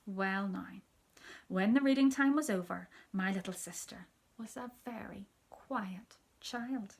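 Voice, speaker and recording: Teacher reading to children, soft and hushed, husky with a gravelly edge. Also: female voice, mid-range voice, takes it slowly. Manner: soft, hushed storytelling, often near a whisper. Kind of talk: reading a children's story aloud.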